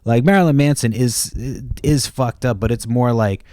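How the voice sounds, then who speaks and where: A man's voice: mid-range voice, moderate pace, darkish tone, no room sound, studio quality. A man hosting a podcast, telling rambling stories in casual chat, swearing freely and laughing at himself. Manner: profane, storytelling, lots of restarts and fillers; laughs at his own stories. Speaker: podcast host.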